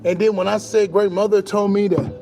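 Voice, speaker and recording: A young man talking casually to camera in a boastful, animated monologue full of slang and swearing, laughing now and then. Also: sits high, fairly quick. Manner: laughs between lines. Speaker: spiritual vlogger.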